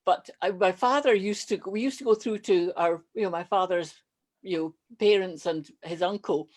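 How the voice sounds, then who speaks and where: A Scottish woman from Stirling talks over a video call. Her polished accent sits at a middling pitch. She tells stories with good humour. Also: moderate pace, a little mellow. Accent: Scottish, softened by elocution. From Stirling, Scotland. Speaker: podcast guest. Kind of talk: casual video-call chat.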